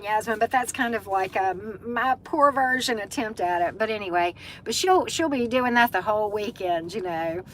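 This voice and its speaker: A woman's voice: mid-range voice, moderate pace, few pauses, fairly bright tone, slight background noise, low-quality recording. A middle-aged woman with a Southern US accent hosts a casual live-stream chat, greeting viewers by name and using lots of fillers. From Southern United States.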